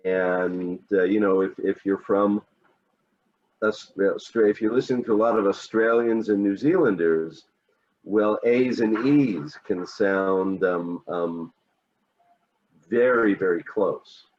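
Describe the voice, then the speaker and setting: Man, American accent, very deep voice, casual teaching chat, hesitant with fillers, dull lo-fi sound. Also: takes it slowly. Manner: relaxed, hesitant, many fillers. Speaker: English teacher.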